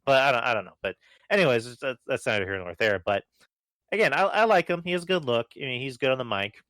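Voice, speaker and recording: A man's voice: mid-range voice, lively intonation, fast, a bit bright, no room sound. A man guest on a podcast, chatting offhandedly and hedging his opinions, with casual swearing. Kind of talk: casual wrestling podcast chat.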